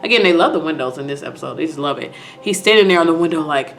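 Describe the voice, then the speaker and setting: A woman's voice: low voice, animated, rapid-fire, creaky, hardly any pauses, faint music behind. A woman casually recapping and reacting to a TV episode, chatty and repetitive, with lots of "like" and "you know". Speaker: video host.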